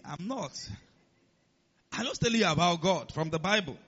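A man's voice: high-pitched, lively intonation, moderate pace, pauses often, a bit bright, slightly rough, dull audio. A man preaching a sermon, emphatic, quoting scripture and calling on the congregation to follow along. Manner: emphatic, calls on the congregation to respond.

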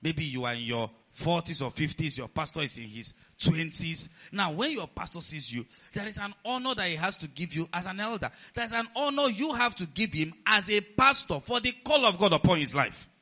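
Animated high-voiced pastor preaching. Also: male voice, moderate pace, hardly any pauses. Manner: animated preaching, rising to near-shouts, frequent laughter. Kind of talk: sermon. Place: church. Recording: dull lo-fi sound.

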